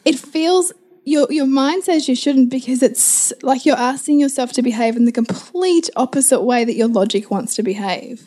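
A woman host with a slightly high voice and a mellow, dark tone. She speaks reflectively in a casual chat, affirming and expanding on ideas. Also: moderate pace.

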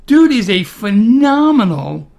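A man in casual sports chat, animated and opinionated, joking as he argues his points. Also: high-pitched, slow, vocal fry. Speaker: podcast co-host.

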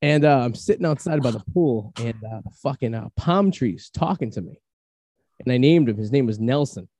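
A man hosting a podcast, telling rambling stories in a casual chat, laughing often and filling pauses with "uh". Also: mid-range voice, lively intonation, dark tone, a little hiss or hum. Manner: rambling, laughing, many fillers. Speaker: podcast host. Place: Massachusetts.

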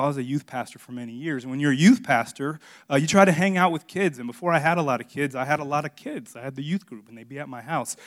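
A middle-aged man preaches a sermon and works a personal story into it. He speaks in a slightly high voice. He teases and confesses in turn, like a pastor having fun with his congregation.

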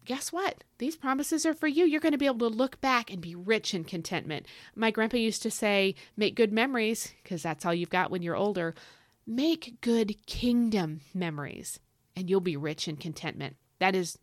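A woman's voice: medium pitch, no room sound, studio quality. A young woman teaching scripture on her podcast, enthusiastic and getting fired up like a preacher. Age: young adult. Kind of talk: devotional teaching.

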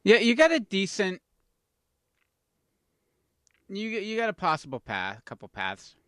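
A man of middle pitch whose voice moves up and down a lot, recorded close and dry. He ribs his co-host with dry, teasing banter during a relaxed podcast conversation. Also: a little slow, dry recording. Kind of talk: casual chat.

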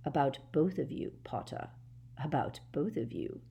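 A woman's voice: low-pitched, lively intonation, warm tone, exaggerated voice. A woman doing Lucius Malfoy, gloating villain. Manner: slow, smooth and malicious. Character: cold, scheming grown man, masked villain.

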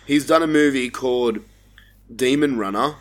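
A man's voice: mid-range voice, moderate pace. A man with an Australian accent, hosting a casual film review chat and swearing freely as he talks. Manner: laid-back, swears freely, frequent restarts. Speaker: podcast host.

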